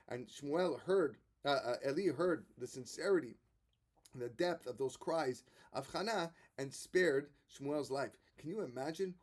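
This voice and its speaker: A man who is a rabbi giving a Torah lesson, retelling the stories with animated quoted voices and frequent restarts. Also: mid-range voice.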